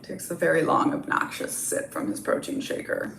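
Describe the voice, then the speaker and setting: A woman's voice: low-pitched, lively intonation, moderate pace, gravelly, few pauses, a bit bright, echoey room, slight background noise. A woman reading a comedy script aloud, with casual, offhand asides. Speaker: script reader.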